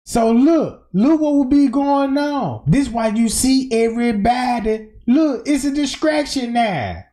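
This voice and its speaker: A man's voice: extremely high pitch, takes it slowly, warm tone. A man giving casual, slangy commentary over video footage, emphatic and pointing things out. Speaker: commentator walking through footage.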